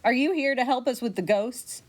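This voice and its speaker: A woman's voice: a little high, normal speed, voice pushed up, natural voice. A woman voicing a chatty young female inn worker describing the ghosts. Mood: earnest.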